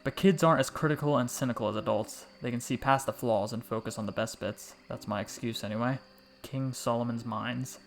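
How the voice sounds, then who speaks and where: A man reading a story aloud in a calm, reflective way with dry, wry asides. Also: mid-range voice, fairly quick, vocal fry. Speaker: story narrator. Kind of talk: scripted storytelling narration. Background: faint background music.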